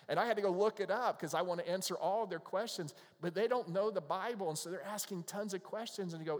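A man's voice: on the high side, fast talker, few pauses. Man preaching in a reverberant church. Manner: conversational preaching, acting out scripture dialogue. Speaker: pastor. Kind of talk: sermon. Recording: long reverb of a church hall.

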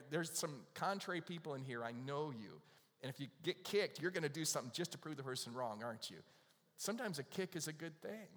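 A man's voice: a little high, fairly bright tone. A man preaching a sermon, talking in a conversational, storytelling way and putting questions to the audience. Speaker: pastor. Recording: long hall reverb.

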